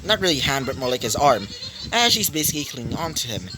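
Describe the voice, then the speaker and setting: A man's voice: mid-range voice, very animated, fast talker. A man improvising a fan fiction story aloud, rambling with many fillers and self-corrections. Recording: noisy home recording.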